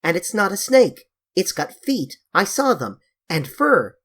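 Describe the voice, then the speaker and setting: A reader doing a shrill, excited young girl. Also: measured pace. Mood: insistent. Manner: high, loud, urgent pleading.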